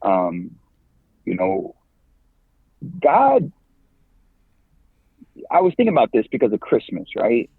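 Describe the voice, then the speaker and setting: A man in his forties, a podcast guest and campus minister, talking in a lively, slangy way and laughing often. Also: mid-range voice, slow, long pauses, husky, no echo. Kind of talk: casual interview talk. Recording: tinny phone-like line, dry.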